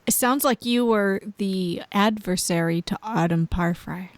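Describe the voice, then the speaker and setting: A woman hosting a podcast, asking measured follow-up questions and sharing her own stories. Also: medium pitch, no room sound. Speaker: podcast host. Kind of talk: casual interview.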